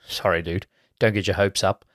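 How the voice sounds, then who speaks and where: A man's voice: low voice, steady tone, normal speed, dry recording, clean studio sound. A man doing Glenn, a brash Aussie party mate. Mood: rowdy. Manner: loud, joking, brash. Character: Glenn, a cheeky young male partying mate.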